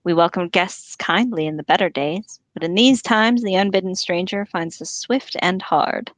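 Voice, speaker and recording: A guarded male captain of horsemen speaks in measured, formal phrases, as a woman reads him aloud. The voice is a little low and restrained. The recording is dry. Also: no echo, lightly acted. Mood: wary.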